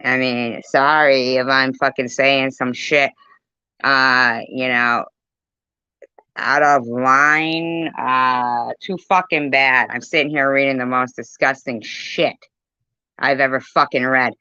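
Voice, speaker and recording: A woman's voice: a bass voice, fairly even intonation, slow pace, pushed and bright, clean tone, no room sound, lo-fi sound. A woman livestreaming and reading chat aloud, ranting furiously with a stream of profane insults. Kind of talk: angry livestream rant.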